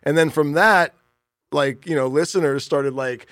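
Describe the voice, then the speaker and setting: A man's voice: a little high, a little slow, fairly bright tone, no echo, studio quality. A man co-hosting a podcast, easygoing, chiming in and explaining the show's running jokes. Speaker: podcast co-host. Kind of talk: casual podcast chat.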